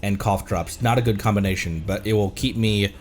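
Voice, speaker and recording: A man's voice: on the low side, fairly quick. A man from Colorado streaming a game at home, stuffy from a cold, who rambles, laughs a lot and pokes fun at himself in casual chat. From Colorado, United States. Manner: rambling, self-mocking, laughs often. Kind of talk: casual live-stream chat over gameplay.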